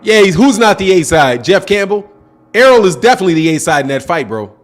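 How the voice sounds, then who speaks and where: A man's voice: sits high, sing-song, brisk. A man hosting a live boxing stream, talking emphatically in casual slang, repeating himself and answering viewers' chat. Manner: emphatic, repetitive, slangy, talks back to chat. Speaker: boxing channel host.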